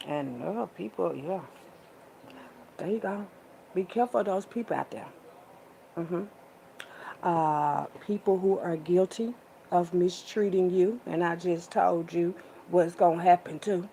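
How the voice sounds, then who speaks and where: Gravelly, sassy woman preaching to camera. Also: on the low side, warm tone, slight background noise, poor audio. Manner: sassy, preachy, drawn-out with pet names. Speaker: vlogger. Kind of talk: casual monologue to camera.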